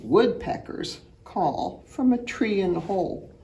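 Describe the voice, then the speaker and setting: A woman reading a picture book aloud to children, telling the story with animation and imitating bird calls in high, loud chirps. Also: lively intonation, takes it slowly, a little hiss or hum. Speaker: children's art program teacher reading aloud.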